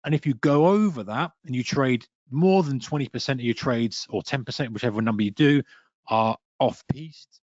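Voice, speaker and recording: A man's voice: mid-range voice, normal speed, dry recording. A man teaching a trading webinar, talking straight to the listener and acting out a trader's inner voice. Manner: energetic, talks to listener directly, acts out a trader's inner voice. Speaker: trading coach. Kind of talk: webinar lesson. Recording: dry, muffled webinar audio.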